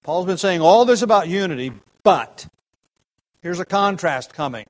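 A pastor preaching an expository sermon, explaining the text slowly and repeating key phrases for emphasis. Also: male voice, sits high, expressive, poor audio.

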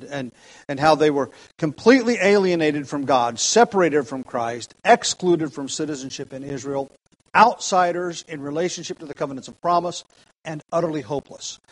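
Man, pastor, expository sermon, fairly high voice, halting, repeats words, emphatic.

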